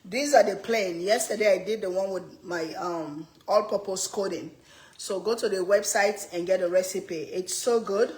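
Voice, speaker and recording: A woman's voice: mid-range voice, normal speed, darkish tone, a little hiss or hum. A middle-aged woman hosting a casual live cooking chat in her home kitchen, playful and laughing often. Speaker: cooking channel host.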